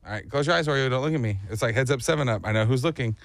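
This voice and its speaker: A man's voice: medium pitch, racing, no echo. A young man co-hosting a morning radio show, animatedly telling a story and acting out sounds and voices.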